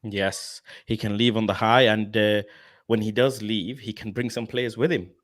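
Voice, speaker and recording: A man hosting a live football fan talk show, chatty and quick to laugh. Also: lowish voice. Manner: chatty, laughing, animated questions. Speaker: host.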